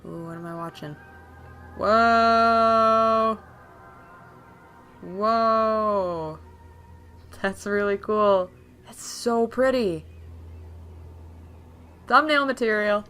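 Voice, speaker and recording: A woman chatting excitedly while playing a video game. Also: mid-range voice, a little slow, pauses often, faint music behind. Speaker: gamer. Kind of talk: let's play commentary.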